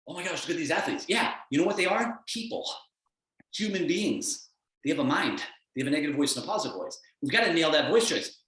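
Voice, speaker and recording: A man's voice: fairly high pitch, sharp tone, recorded from a distance. A man coaching with blunt, emphatic energy, pushing his listeners hard. His voice rings around a very echoey room. He sits well back from the microphone. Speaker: performance coach. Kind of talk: motivational talk on a call.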